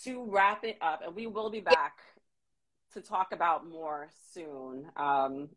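A woman with a fairly low voice hosts a relaxed conversation as a business coach. She jokes around playfully while steering the talk toward its close. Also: takes it slowly. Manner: joking, playful, wraps up the talk. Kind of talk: casual chat.

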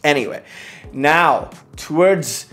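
A young man reviewing whisky to camera at home, telling a story in a lively way and acting out what he said, with many "uh" fillers. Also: on the high side, slow pace, faint music behind. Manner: animated storyteller, acts out his own past remarks; frequent filler "uh" and restarts. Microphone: fixed camera setup.

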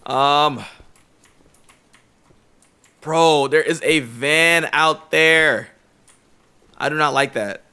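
Brief: excitable young male gamer, bright and higher-pitched, jumpy horror-game commentary. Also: extremely slow, long pauses, clear, resonant tone. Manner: jumpy, excitable, slangy, repeats himself.

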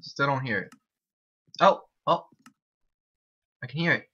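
A young man chatting excitably and repeating himself as he gives casual commentary on a game he is playing. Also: mid-range voice, very fast, breathy edge. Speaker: gaming YouTuber. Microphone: desk mic, no headset. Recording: dull lo-fi home recording.

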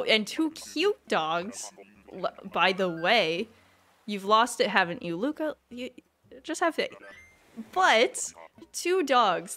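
A woman streamer chatting excitedly with her viewers during a live game stream, laughing often. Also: medium pitch.

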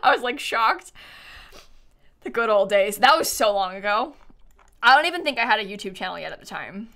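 Bright, lively giggly woman streamer. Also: medium pitch, brisk. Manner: giggly, chatty, often breaks into laughter. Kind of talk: casual live-stream chat while playing a life-sim game.

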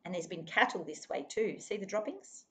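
A woman's voice: medium pitch, sing-song, moderate pace, pushed and bright. A woman voicing a pioneer father who sounds brave and reassuring, forcing cheer.

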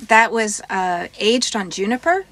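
A woman with a mid-pitched voice chats casually with her co-host. She lists details in an easy, matter-of-fact way. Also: very animated, a little slow, a bit bright, slight background noise. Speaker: co-host reviewing breweries. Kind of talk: casual chat.

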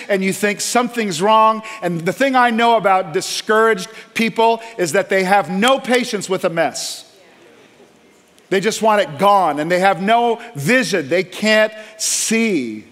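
A man's voice: sits high, a bit bright, long reverb tail. A male pastor preaching a sermon, emphatic, stacking repeated phrases and calling for an amen. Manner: asks the congregation for an amen. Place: large church sanctuary.

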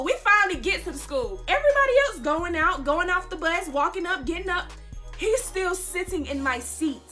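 A young woman vlogger telling a dramatic storytime tale in casual slang, speaking straight to her viewers and repeating lines for emphasis. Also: very high voice. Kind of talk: storytime vlog.

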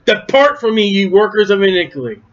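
A man's voice: sits high, big pitch swings, brisk. A man voicing Jesus as a stern judge pronouncing sentence at the throne. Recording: dull lo-fi recording, set off from the mic.

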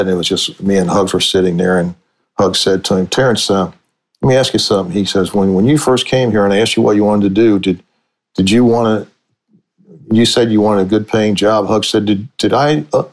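A man's voice: lowish voice, darkish tone, rough recording. An older man from Cincinnati, a sportswriter and author, telling long stories in a podcast interview with many restarts. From Cincinnati, USA. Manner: rambling storyteller with frequent restarts. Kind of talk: conversational storytelling interview.

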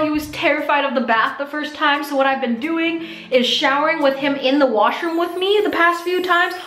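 Bubbly vlogger girl, really high voice, coos at her dog, faint music behind. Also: a bit bright. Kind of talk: casual vlog chat.

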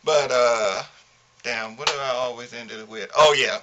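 A man ranting indignantly to his camera in a vlog, animated and full of slang. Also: medium pitch, measured pace, lo-fi sound, background noise. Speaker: vlogger.

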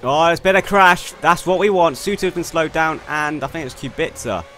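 A young man commentating on his own racing game run, excitable and quick to swear in frustration. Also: a little high, soft background music. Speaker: gaming YouTuber. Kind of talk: gameplay commentary. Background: faint game car engine noise.

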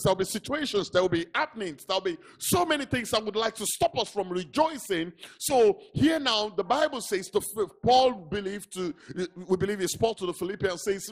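A man's voice: high voice, sing-song, moderate pace, few pauses, faint music behind. A man with a Nigerian English accent preaching a sermon as pastor, emphatic and repeating words for stress. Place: church.

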